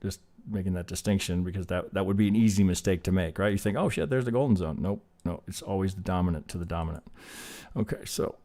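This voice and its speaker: A man's voice: deep voice, level tone, quick pace, dark tone. Casual man talking through trading charts. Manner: loose and chatty, swears, gets fired up. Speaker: trading stream host. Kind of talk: live chart analysis, casual teaching.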